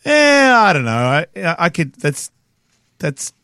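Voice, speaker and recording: A man's voice: fairly high pitch, sing-song, measured pace, bright, forceful tone, clean tone, no echo, studio quality. A man in his forties with an Australian accent, a podcast guest telling rambling stories in a blunt, profane way. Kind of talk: casual chat.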